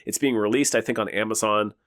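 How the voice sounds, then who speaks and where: A man's voice: on the low side, steady tone, quick pace, a bit bright, no echo, clean studio sound. A man co-hosting a podcast, riffing sarcastically on a movie trailer with stammered restarts and comic analogies. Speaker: podcast co-host. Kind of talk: casual movie chat.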